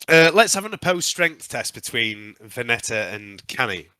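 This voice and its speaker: A man running a tabletop game as game master, narrating with frequent um pauses. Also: medium pitch, sing-song, pushed and bright, clean tone, no room sound.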